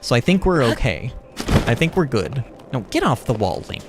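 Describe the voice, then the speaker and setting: A male streamer giving live gameplay commentary in a playful, chatty way, quick to sound alarmed. His pitch swings widely from line to line. Faint game music plays underneath. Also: very animated.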